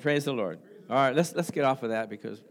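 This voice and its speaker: A man's voice: medium pitch, brisk. A middle-aged man preaching a sermon as pastor, conversational and chuckling often, with frequent "praise the Lord".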